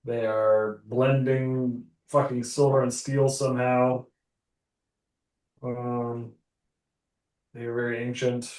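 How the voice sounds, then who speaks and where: A man's voice: mid-range voice, flat delivery, takes it slowly, pauses often, darkish tone. Man, tabletop player, loose casual talk, echoey room, distant mic. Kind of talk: casual game banter.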